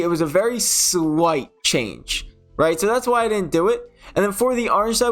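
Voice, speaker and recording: A young man with a slightly high voice narrates his gaming video in a loose, conversational way. He rambles, corrects himself mid-sentence and fills gaps with ums and likes, like a casual host walking viewers through his picks. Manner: chatty, rambling, many fillers and self-corrections. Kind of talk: casual game commentary voice-over.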